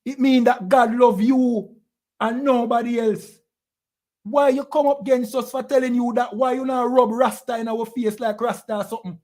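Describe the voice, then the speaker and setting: A Jamaican man with a high voice for a man preaches with fervour. He scolds his listeners and keeps asking them questions. Patois slips into his speech. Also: steady tone, normal speed, a little mellow. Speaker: preacher teaching a class. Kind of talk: impassioned preaching.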